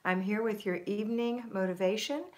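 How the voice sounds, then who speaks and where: A middle-aged woman hosts a relaxed livestream in a mid-pitched, everyday voice. She chats on and greets each viewer by name as they come in. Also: a little fast. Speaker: host. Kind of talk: casual livestream chat.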